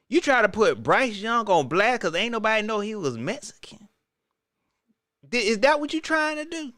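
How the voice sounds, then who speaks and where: Animated, incredulous man ranting. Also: high voice, normal speed, dry recording, studio quality. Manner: incredulous, repetitive, joking. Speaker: sports commentator. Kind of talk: casual sports rant.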